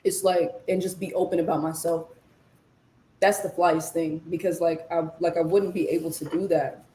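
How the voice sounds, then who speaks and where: A woman's voice: on the low side, level tone, moderate pace, warm tone, reverberant, slight background noise, rough recording. A young woman musician as a guest, talking loosely with slang and lots of fillers. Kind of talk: casual chat while eating. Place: Los Angeles.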